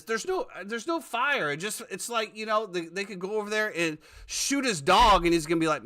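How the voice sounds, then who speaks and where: A man's voice: high-pitched, lively intonation, normal speed, few pauses, sharp tone. A man hosting a casual sports talk podcast, ranting with plenty of profanity. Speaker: podcast host.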